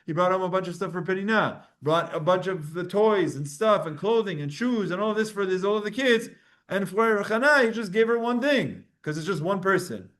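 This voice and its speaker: A man's voice: sits high, expressive, normal speed, fairly bright tone. A man teaching a Talmud class, reading Hebrew verses aloud and then translating and explaining them in casual English. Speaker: Torah teacher.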